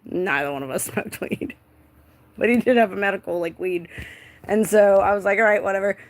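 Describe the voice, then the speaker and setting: Gravelly young woman rambling through a story. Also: mid-range voice, normal speed. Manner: rambling, heavy filler "like", frequent swearing. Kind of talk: casual storytime monologue.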